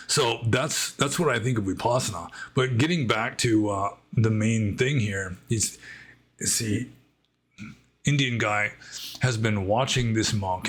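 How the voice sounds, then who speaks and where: A Buddhist monk answering viewer questions in a casual monologue, thinking aloud and rambling with frequent "I mean" asides. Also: male voice, lowish voice, husky.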